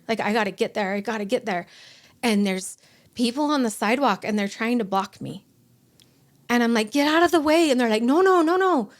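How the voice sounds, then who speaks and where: Middle-aged woman guest, emotional storytelling, acts out dialogue, mid-pitched voice. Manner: short, fragmented sentences. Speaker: guest, bereaved mother. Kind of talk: personal storytelling in a podcast interview.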